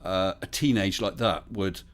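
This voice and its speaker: A middle-aged man hosts a casual livestream. His voice sits on the low side, and he rambles into anecdotes and reads viewer comments aloud in an easy, conversational way. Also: measured pace. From England. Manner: chatty storyteller, reads chat aloud. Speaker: livestream host.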